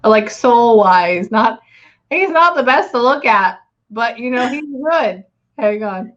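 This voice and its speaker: A woman's voice: fairly high pitch, animated, takes it slowly, highs cut off. A woman psychic medium in a casual reading session, relaying messages and often saying "okay" and "hang on".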